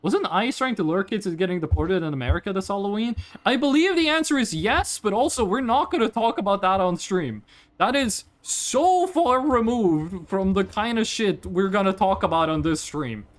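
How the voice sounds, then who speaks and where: A man from Norway, chatting to viewers during a live game stream in an animated, joking, rambling way. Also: high-pitched, moderate pace.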